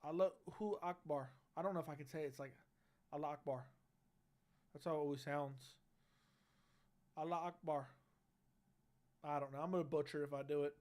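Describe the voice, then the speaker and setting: A man's voice: on the high side, fairly even intonation, rapid-fire, few pauses, a little mellow. A brash young man hosting a casual livestream, reading chat and bantering loosely with slang and swearing into a studio mic. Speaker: livestream host. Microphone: studio dynamic mic.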